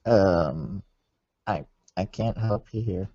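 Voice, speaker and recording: A man's voice: low voice, slow pace, mellow, dry recording. A man co-hosting a podcast in casual banter, hesitant and dry, hedging with fillers. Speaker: podcast co-host. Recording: dull lo-fi sound, dry.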